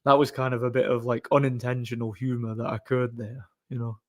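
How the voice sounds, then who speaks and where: A man's voice: medium pitch, little pitch movement, brisk. A man hosting a casual livestream, rambling through stories with chuckles and frequent restarts. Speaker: livestream host.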